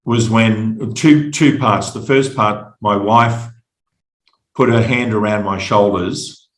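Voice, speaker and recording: A middle-aged Australian man telling his personal story as a podcast guest, halting and reflective, often repeating words. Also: fairly low pitch, roomy sound, low-quality recording.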